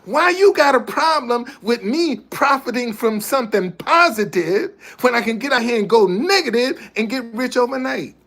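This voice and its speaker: A man's voice: extremely high pitch, lively intonation, normal speed, hardly any pauses, a bit bright. A man hosting a casual livestream, speaking in an emphatic, preachy way that keeps repeating its points. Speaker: livestream host.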